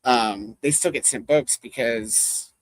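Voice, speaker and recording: Taking it slowly in a mid-range voice, a livestream host chats informally with viewers, rambling, reading comments out loud and laughing often. The recording is dry.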